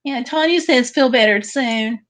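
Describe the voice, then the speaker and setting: A woman with a slightly high voice hosts a relaxed livestream from home. She reads out viewer comments one after another and answers each in a friendly way. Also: unhurried. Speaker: livestream host. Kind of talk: casual livestream chat reading viewer comments.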